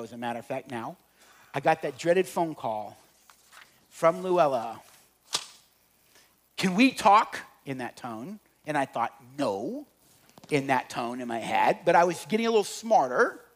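A middle-aged man speaking to an audience about relationships, telling humorous stories and swinging between loud and quiet. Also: medium pitch. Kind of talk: humorous storytelling talk to an audience.

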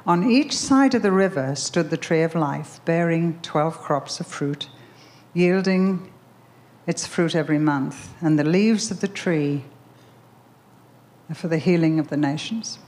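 A woman's voice: deep voice, a little slow, a little mellow. A woman preaching a sermon, telling a story with emphatic repetition before leading a prayer. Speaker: speaker at a Bible conference.

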